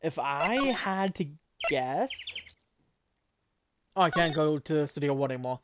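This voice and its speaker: A woman streamer giving casual let's-play commentary, reading game dialogue aloud and reacting with loud laughter. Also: low voice, unhurried, noisy background. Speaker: gaming streamer.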